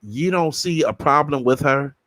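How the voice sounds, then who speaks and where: A man's voice: fairly high pitch, animated, normal speed, fairly bright tone, dry recording. Blunt, profane man ranting. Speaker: podcast host. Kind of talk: casual commentary chat.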